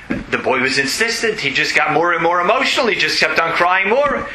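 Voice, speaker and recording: A man's voice: a little high, animated, a little fast, bright, forceful tone, echoey room, a little hiss or hum, low-quality recording. Earnest man teaching a religious lesson. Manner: earnest, explanatory, repeats key phrases. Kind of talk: Torah lesson with storytelling.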